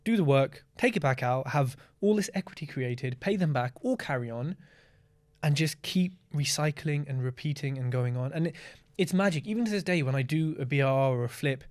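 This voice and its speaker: Man, interview guest, somewhat high voice, blunt, candid, swears, animated storyteller. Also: brisk. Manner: animated storytelling with acted-out asides. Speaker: podcast guest, property investor. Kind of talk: casual interview talk.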